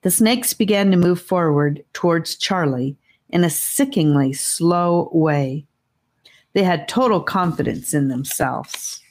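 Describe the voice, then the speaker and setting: A woman narrates a fantasy adventure chapter aloud with steady expression. Her voice sits low and her reading unfolds slowly and carefully. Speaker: audiobook reader. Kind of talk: audiobook narration.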